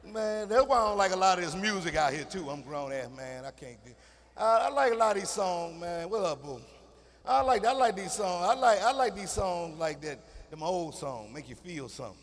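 A middle-aged man performing live stand-up on an arena stage, animated, breaking into singer impressions. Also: normal speed. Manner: animated, mimics singers with falsetto and crooning. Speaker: stand-up comedian. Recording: live arena recording with long reverb.

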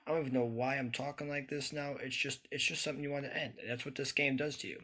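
A man's voice: mid-range voice, fairly even intonation, fast, few pauses, sharp tone. A young man giving frustrated, swearing let's-play commentary from his room, ranting and exasperated. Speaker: gaming YouTuber.

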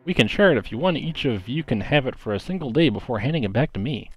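A man's voice: medium pitch, lively intonation, fast talker, husky. A man voicing a little female witch from a storybook, kind but vengeful, read aloud plainly in his own voice. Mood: stern.

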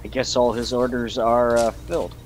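A man's voice: mid-range voice, level tone, moderate pace. A man playing a tabletop game, answering in a laid-back, dry way. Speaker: player. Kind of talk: casual tabletop game play. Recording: noticeable background noise.

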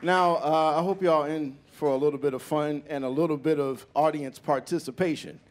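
Playful high-voiced man leading a club crowd. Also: steady tone, normal speed, a little hiss or hum. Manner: playful, folksy, breaks into sung snippets. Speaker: bandleader leading audience participation. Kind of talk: onstage banter and call-and-response teaching. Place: live jazz club stage. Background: live jazz band.

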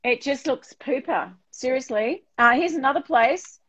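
A woman's voice: high-pitched, moderate pace, fairly bright tone, husky. An Australian interior designer woman chatting bluntly and theatrically on a live stream, calling everyone darling and swearing mildly. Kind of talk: casual live-stream chat. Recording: dull lo-fi stream audio.

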